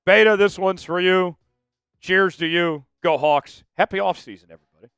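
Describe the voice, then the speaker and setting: A man hosting a live sports stream, laughing often and breaking into loud chants with viewers. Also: sits high, measured pace, smooth, no room sound. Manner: rowdy, laughs a lot, bursts into loud chants. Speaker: sports show host.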